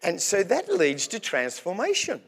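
Slow, measured male preacher. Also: sits high, wildly swooping pitch, breathy edge. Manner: measured, unhurried preaching with pauses between phrases. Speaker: pastor. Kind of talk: sermon. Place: church.

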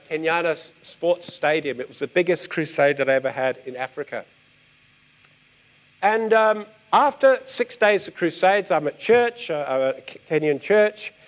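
A man preaching, telling a story in an animated, vivid way. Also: a little high. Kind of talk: storytelling sermon.

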